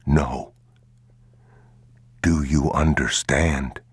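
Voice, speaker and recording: A man voicing a desperate father who speaks to his son in a low, urgent whisper. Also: fairly even intonation, extremely slow, slightly rough, no echo, clean studio sound, full character voice.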